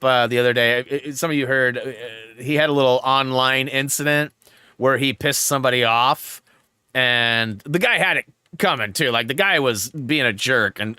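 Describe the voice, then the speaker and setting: A man streams a game and chats with his viewers, his voice bright and smooth and swinging widely in pitch. He rambles from one story to the next with animated energy, recorded close on a dry mic. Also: dry recording. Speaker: gaming streamer host. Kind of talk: live-stream gameplay chat.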